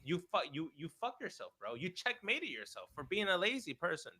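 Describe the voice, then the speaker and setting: Bright, fired-up young man ranting. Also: sits high, big pitch swings, fairly quick, slightly rough, low-quality recording. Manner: blunt, profane, fired-up, frequent "bro". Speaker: podcast co-host. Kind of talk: casual political chat.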